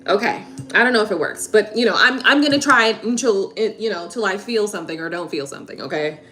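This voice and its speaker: A woman's voice: mid-range voice, fast talker, bright, forceful tone, faint music behind. A woman hosting a live tarot stream, venting heatedly in casual talk, swearing and repeating herself.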